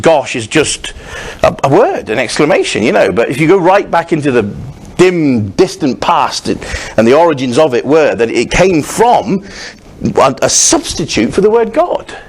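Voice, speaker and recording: Man, pastor, sermon, lively rising and falling pitch, rambling restarts, humorous asides. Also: moderate pace. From Scotland. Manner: conversational, wandering preaching with frequent restarts and humorous asides.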